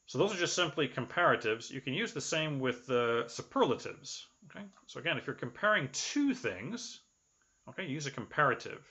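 A man teaching an English lecture, explaining patiently and filling his pauses with "okay" and "uh". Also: medium pitch, sing-song, sharp tone, dull audio. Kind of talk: recorded online lecture.

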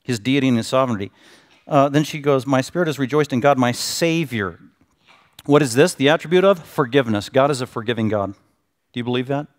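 A middle-aged man giving a sermon as pastor, moving between low, quiet teaching and loud, emphatic preaching. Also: fairly quick. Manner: acts out a self-pitying listener in a strained high voice. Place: church sanctuary.

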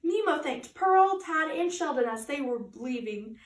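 A woman reading a children's storybook with a high, very lively voice and chatty asides of her own. She sounds set back from the mic in an echoey room. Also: unhurried, distant mic. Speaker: party entertainer reading a story.

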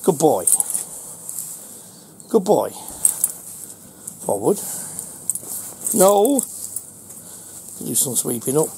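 A man's voice: a little high, very animated, drawn-out words, long pauses, dark tone, slight background noise, poor audio. A middle-aged man with a Northern English accent, giving short, repeated commands to his dog outdoors in a casual vlog. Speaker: dog owner vlogger.

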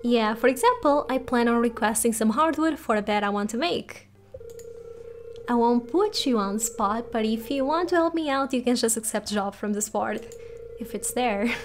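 A woman's voice: fairly high pitch, moderate pace, faint music behind, lightly acted. A woman voicing a friendly, teasing woman carpenter from a farming game, in an easygoing manner.

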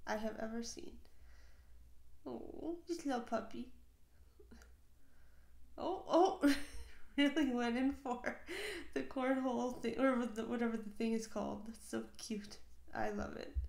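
A woman's voice: fairly high pitch, a little slow, gravelly, pauses often, a little mellow. A woman hosting a casual reaction video, gushing over animal clips with lots of exclamations and giggles. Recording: roomy echo.

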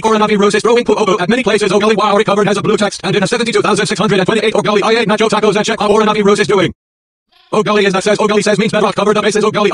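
A male channel host rambling excitably through a reading and his own commentary, exclaiming over and over, with the playback sped up. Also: high-pitched, dry recording. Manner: excitable, keeps exclaiming "oh golly".

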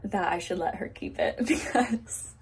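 A woman's voice: mid-range voice, measured pace. Playful American woman from Colorado. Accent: American Mountain West. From Colorado, USA. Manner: playful, giggly, trying out Arabic words. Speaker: vlogger. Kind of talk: casual couple vlog chat.

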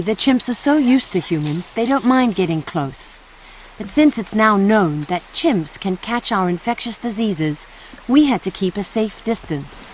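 A woman's voice: medium pitch, a little hiss or hum. A woman working as a TV correspondent, giving scripted narration and asking short interview questions.

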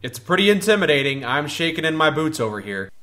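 Higher-voiced man mocking in gaming chat. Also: sing-song, fast, a bit bright. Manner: dry, mocking. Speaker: game player.

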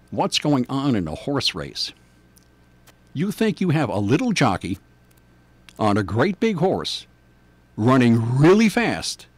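A man's voice: medium pitch, dry recording. An older man from New York with a New York accent, hosting a morning radio show in a rambling, chatty, self-deprecating way. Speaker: radio host. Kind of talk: casual morning radio chat.

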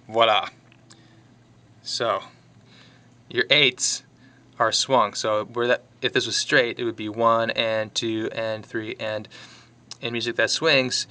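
A man's voice: medium pitch, a little slow. A man teaching drums, talking casually through a sheet of music and counting beats aloud. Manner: relaxed and chatty, counting beats aloud, brief excited asides. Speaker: drum teacher.

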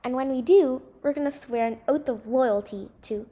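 A woman's voice: high-pitched, moderate pace, warm tone, husky. A woman voicing a bossy, menacing boy gang leader who barks curt orders in a read-aloud story.

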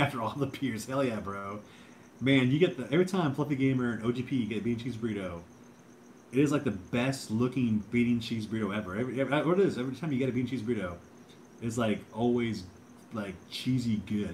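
A man's voice: mid-range voice, a little mellow, slight background noise. A man hosting a casual livestream, rambling laid-back chat and thanking viewers, says bro and dude a lot while drinking beer. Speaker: livestream host.

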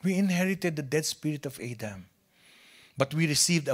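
A male pastor with a Filipino accent preaching a sermon. He swings from hushed near-whispers to loud, emphatic lines, and he often repeats and restarts phrases. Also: mid-range voice, lively intonation, moderate pace.

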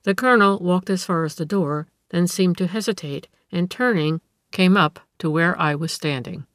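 Female audiobook reader, measured narration, lowish, dry close sound. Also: dry recording. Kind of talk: scripted narration of a classic story.

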